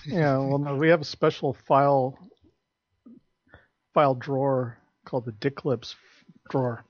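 A man's voice: mid-range voice, steady tone, unhurried, no room sound. A man making prank calls, acting as a stern, bossy fake manager. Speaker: prank caller. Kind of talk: prank phone call banter. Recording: dry dull lo-fi tape.

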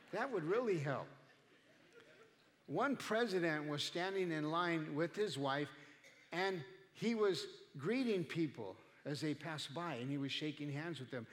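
A man's voice: on the high side, measured pace, in a large hall. A male pastor preaching a sermon in a conversational way, acting out the people he quotes. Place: church.

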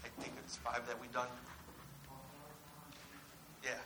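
A pastor with a mid-range voice preaches slowly and in a monotone, earnestly addressing questions to his congregation. It's recorded in an echoey church with faint background hiss.

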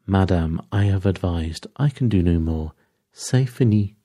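A man's voice: low voice, expressive, measured pace, mellow, no room sound, clean studio sound. A man voicing a fussy, courteous little male detective who drops French phrases and speaks dryly.

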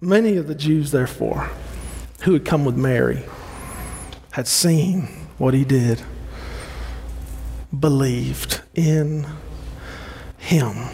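A man preaching a sermon with passion, climbing to emphatic peaks and then slowing into soft, quiet pauses. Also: fairly high pitch, in a large hall, a little hiss or hum. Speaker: pastor.

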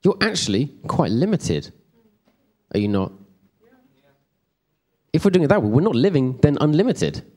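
A man's voice: fairly high pitch, big pitch swings, moderate pace, pauses often, darkish tone. A man teaches a church group in an easy, conversational way. He rambles off on side stories and keeps checking in with his listeners. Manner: chatty, rambling, checks in with the room. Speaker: preacher.

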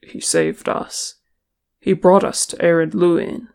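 A reader voicing a gruff, teasing male dwarf warrior who is tired and speaks bluntly, with a grumbling manner. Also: medium pitch, flat delivery, takes it slowly, darkish tone.

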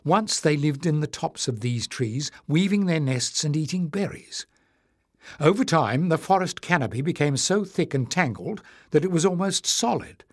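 A man's voice: a little high, expressive, normal speed, no echo, clean studio sound, pitched above the performer's own voice. A man voicing an eager young male adventurer in an audiobook, speaking earnestly. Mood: explaining.

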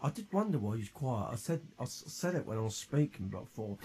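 A man's voice: medium pitch, sing-song, fast, few pauses, slight background noise. A man chatting casually to himself and his viewers while making music on a stream, rambling and swearing freely. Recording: loud guitar music playing behind.

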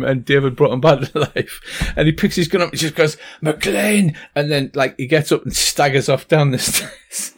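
Male game master, a touch high-pitched, halting delivery with frequent fillers. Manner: halting, full of ums and little laughs. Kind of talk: narrating a tabletop game.

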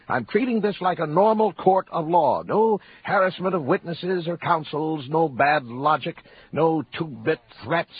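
An actor playing a blunt, weary judge in his eighties in a radio drama, gruff and dry. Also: fairly high pitch. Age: 80s. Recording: dull lo-fi radio broadcast with faint hiss.

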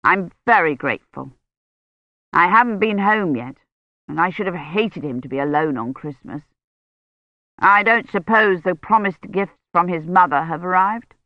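Narrator voicing a brisk, indignant woman doctor. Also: medium pitch, lively intonation, no room sound, highs cut off, natural voice. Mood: polite.

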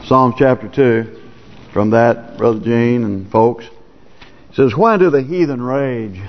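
A male pastor preaches slowly in a mid-range voice, keeping his sermon plain, folksy and conversational. The setting is a church sanctuary, recorded in dull lo-fi with long reverb.

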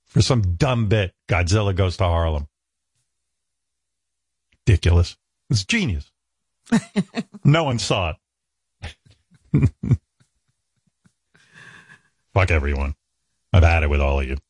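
Man, casual storyteller, self-mocking, lively pitch, dry close sound. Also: slow pace, long pauses, breathy edge, no room sound. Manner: self-mocking, acts out other people's lines in put-on voices.

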